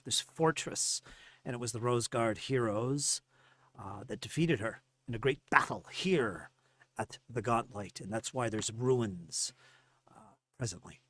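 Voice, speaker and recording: A man narrating as game master of a tabletop game, animated and stumbling through restarts. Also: medium pitch, dry recording.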